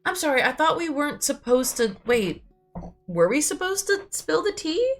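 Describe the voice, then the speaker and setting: A young woman streaming a game, chatting playfully and asking quick surprised questions as she reads along. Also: sits high, sing-song, faint music behind. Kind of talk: casual game commentary and reading dialogue aloud.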